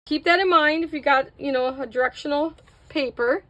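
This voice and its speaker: A woman's voice: high voice, moderate pace, bright, forceful tone, dull audio, slight background noise. Chatty woman narrating a craft tutorial. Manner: chatty, self-mocking, talks to viewers while working. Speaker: craft video host.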